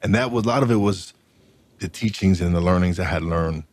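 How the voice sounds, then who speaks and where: A man hosting a podcast speaks in a very deep voice, and his words come out halting, with many repeated starts. The sound is dry and close, with no room around it. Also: no echo. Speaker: podcast host. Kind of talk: casual interview chat.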